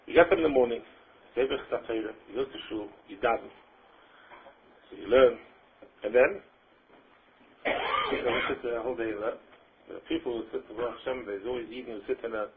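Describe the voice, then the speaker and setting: A man's voice: mid-range voice, slightly rough. A man giving a Talmud lecture, chanting the quoted texts in a sing-song tune. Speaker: Torah lecturer. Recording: tinny phone-line recording.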